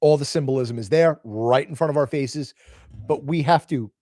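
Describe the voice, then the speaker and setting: A man's voice: medium pitch, normal speed, warm tone, no room sound, clean studio sound. A man hosting a casual live stream from home, telling rambling stories and reading out viewer comments. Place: home, moving house.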